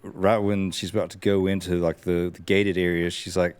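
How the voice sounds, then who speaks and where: A man co-hosting a podcast who tells stories in a relaxed, rambling way. His voice is deep and smooth. The sound is dry and close. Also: normal speed, no echo. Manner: relaxed storytelling with many fillers. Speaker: podcast co-host. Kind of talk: casual chat.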